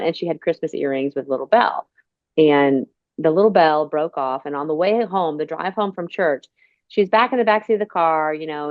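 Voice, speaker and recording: This woman's voice is low and has no echo, and the recording sounds dull and dry, like a phone call. She's a podcast host running an interview, chatty and casual, telling long personal stories.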